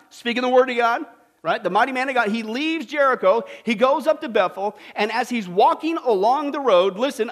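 A man preaching a sermon, animated and folksy, with acted-out voices and asides to the congregation. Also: extremely high pitch. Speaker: pastor.

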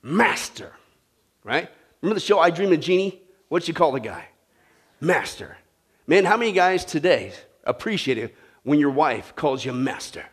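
A man preaching a sermon to a congregation, animated and asking them questions. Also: fairly high pitch, normal speed, slightly rough. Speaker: pastor. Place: church with a live congregation.

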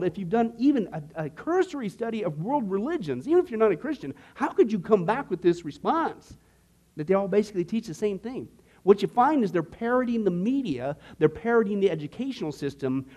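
A man's voice: sits high, warm tone. A man teaching a church discipleship class in a conversational, emphatic way, acting out the questions of skeptics.

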